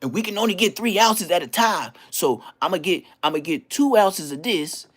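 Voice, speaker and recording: A man's voice: sits high, animated, moderate pace, fairly bright tone, pitched above the performer's own voice. A man voicing an older male inmate who has served a long time and hustles perfume oils, with wheedling sales patter.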